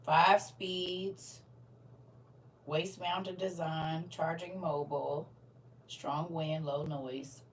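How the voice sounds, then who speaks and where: A woman's voice: low voice, fairly even intonation, distant mic, slight background noise. A woman, casually chatting on a livestream from home in a laid-back, playful way. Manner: laid-back, playful, drawn-out teasing calls. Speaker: livestream host. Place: home, indoors.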